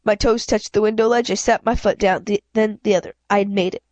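A woman's voice: medium pitch, steady tone, a little mellow, no room sound, highs cut off. A woman reading a children's novel aloud in first person, often stumbling and correcting herself. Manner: halting, frequent self-corrections. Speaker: reader.

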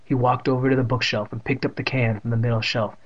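Male reader, children's horror book with crude jokey asides, middle pitch, dull lo-fi recording. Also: little pitch movement, quick pace. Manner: irreverent, swearing asides.

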